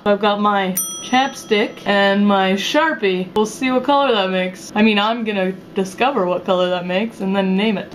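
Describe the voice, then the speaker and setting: Fast-talking, jokey young woman vlogger. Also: medium pitch, a little hiss or hum. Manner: rapid-fire, jokey and deadpan asides. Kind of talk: casual vlog chat.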